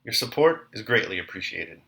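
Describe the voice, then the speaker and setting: A man with a fairly low voice reads a long novel aloud as host of a daily series. His narration is measured and clear, paced for listening. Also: sing-song, sharp tone. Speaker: host and reader. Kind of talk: audiobook narration.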